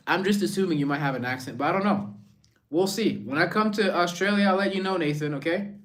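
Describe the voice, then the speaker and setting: A man with a slightly higher than usual voice hosts a relaxed live stream. He rambles from one viewer comment to the next, reading each one aloud before he answers it. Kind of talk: casual live-stream chat.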